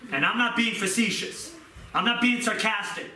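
A middle-aged man preaches with earnest, repeated emphasis, his voice bright and forceful. He is picked up from a distance, so the room rings around him. A faint hiss sits underneath. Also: sits high, normal speed. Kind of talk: sermon. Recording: echoey room, mic far off.

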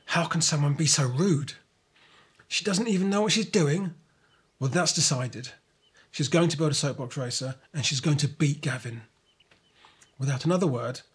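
A man narrating a children's storybook in a lively, expressive way. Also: on the high side, slightly rough.

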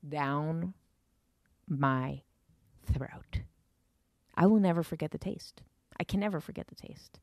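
Woman telling her story slow and low, lots of "like", swears, dry close sound. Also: a little mellow, no echo. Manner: filler-heavy, swears, vivid retelling. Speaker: storyteller recounting an encounter. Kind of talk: casual storytelling.

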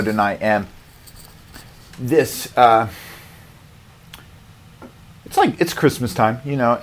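Young dude ranting, lots of swearing, pitch jumping all over, super animated. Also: male voice. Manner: rambling, profane, animated. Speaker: podcast host. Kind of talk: comedic rant.

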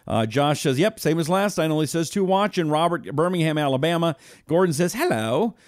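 A man's voice: on the high side, fairly quick, darkish tone, dry recording, clean studio sound. A man hosting a live talk stream, chatting loosely with viewers, reading out their comments and making blunt asides. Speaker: host.

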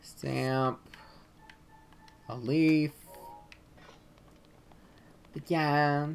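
Let's play gamer, slow-talking, casual gameplay commentary, irritable muttering, frequent swearing. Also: medium pitch, expressive, soft background music.

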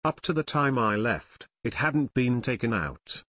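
A man's voice: mid-range voice, expressive, a little slow, bright, forceful tone. A man voicing Ken, a shy, earnest teenage boy who sounds a little hesitant.

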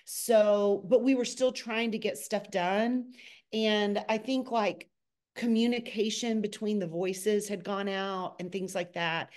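A middle-aged woman, a choreographer, telling lively stories in a casual podcast chat, sometimes speeding up in bursts. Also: takes it slowly. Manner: animated, acts out quotes with a high excited voice.

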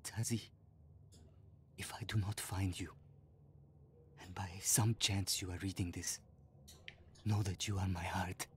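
A man's voice: deep voice, flat delivery, a little slow, pauses often, fairly bright tone, slight background noise. An actor voicing an injured, stranded man reading out a solemn farewell note in a video game.

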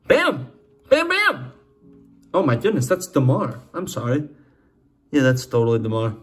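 A man with a Boston accent hosting a sports card channel, chatting and joking with viewers while opening packs. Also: medium pitch. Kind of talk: casual pack-opening commentary.

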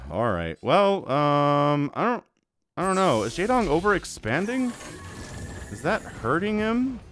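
A man shoutcasts a strategy video game solo, giving casual, chatty commentary packed with joking asides. His voice is on the high side, very animated and fairly bright, but slow-paced. Faint music plays behind him.

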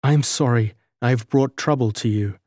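A man's voice: medium pitch, normal speed, dry recording, studio quality, natural voice. A man voicing a wistful young gypsy girl. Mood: sorrowful. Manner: soft, sorrowful, teasing.

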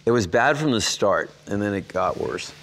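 A man in his sixties with a low voice tells stories in a sit-down interview. He acts out the quoted dialogue, and his voice leaps upward on the exclamations. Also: moderate pace, slight background noise. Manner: animated anecdotes, acting out quoted dialogue with big jumps in pitch. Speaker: interview guest.

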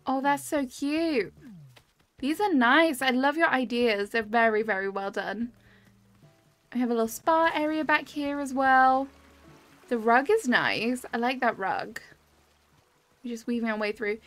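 An expressive woman with a highish, fairly bright voice streams a game island tour, speaking unhurriedly with long pauses. Her casual commentary is cheerful, and she greets chat members by name. The recording, from a webcam and desk mic, is dry and close over game music.

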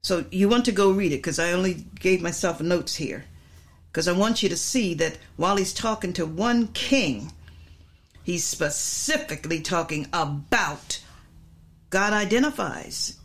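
A woman's voice: lowish voice, animated, measured pace. A woman pastor teaching from scripture in a sermon, stressing points by repeating phrases and checking in with her listeners. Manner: repetitive, emphatic teaching with frequent asides.

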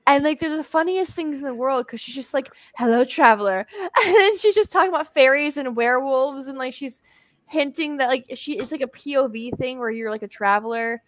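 A woman's voice: high voice, brisk, no echo. A woman guest on a podcast, rambling through a story with lots of "like" fillers. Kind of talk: casual group chat.

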